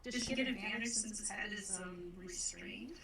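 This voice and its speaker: A woman's voice: medium pitch, normal speed, bright, forceful tone. A woman playing a tabletop game, describing her character's moves and sometimes dropping to a whisper. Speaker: player. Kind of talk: tabletop role-play chat. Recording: distant mic with clear background noise.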